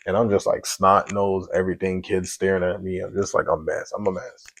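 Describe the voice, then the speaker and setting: A man's voice: sits low, level tone, fairly quick, creaky, no room sound, low-quality recording. A man telling his own story as a single father in a casual, emotional, conversational way with some slang. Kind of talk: casual spoken testimony.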